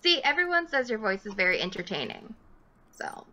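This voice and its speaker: A woman's voice: mid-range voice, sing-song, fairly quick, sharp tone, lo-fi sound. A woman livestreaming a game, giggling often and thanking and greeting viewers in casual chat. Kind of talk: casual live gameplay chat.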